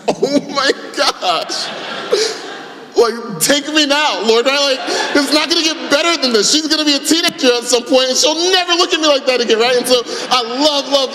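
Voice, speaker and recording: A man, preaching a sermon in a conversational, self-deprecating way, moving from hushed prayer to loud animated storytelling. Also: very high-pitched, slight background noise. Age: 30s. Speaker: pastor. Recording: echoey hall with long reverb.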